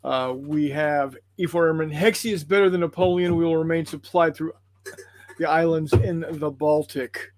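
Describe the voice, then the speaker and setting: A man's voice: fairly high pitch, fairly even intonation, moderate pace. Folksy man hosting a game stream. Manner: rambling, apologetic, folksy with fillers. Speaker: host of a tabletop gaming livestream. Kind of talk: casual chat reading viewer comments.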